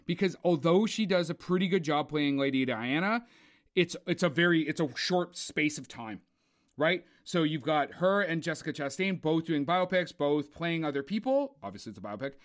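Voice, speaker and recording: A man's voice: on the high side, expressive, normal speed. A man chatting casually about film awards, rambling with lots of fillers. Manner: rambling, filler-heavy, enthusiastic. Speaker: co-host.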